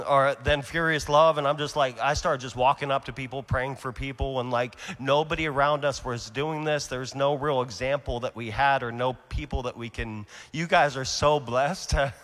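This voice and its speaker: A young adult man preaching his testimony at a conference, earnest and animated, swinging between loud and hushed delivery. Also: medium pitch. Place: large conference hall. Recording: long hall reverb.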